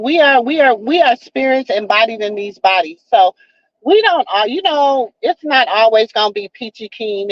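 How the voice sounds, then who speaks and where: A woman's voice: a little high, no echo. Folksy woman preaching on a lo-fi live stream. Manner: folksy, calls viewers baby and child, repeats "you know what I'm saying". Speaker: livestream host. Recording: dull, lo-fi live stream audio.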